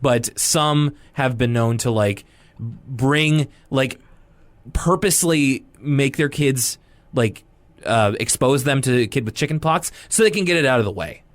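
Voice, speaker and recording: A young man on a casual podcast, recapping a cartoon with loose, joking tangents. His voice sits at a middle pitch and sounds close and dry, with no room around it. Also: a little slow, no room sound. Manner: rambling, joking, animated quoting. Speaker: podcast co-host.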